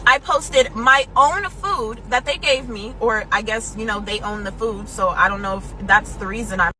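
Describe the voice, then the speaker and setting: A woman's voice: on the high side, moderate pace, sharp tone, faint music behind, rough recording. A woman venting to camera in an exasperated, explaining tone. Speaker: content creator in a clip.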